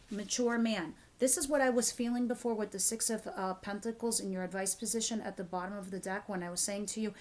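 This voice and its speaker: Casting: female tarot reader, chatty and animated, salty language, average pitch, faint noise behind. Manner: animated, swears freely, repeats herself. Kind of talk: casual tarot reading to camera.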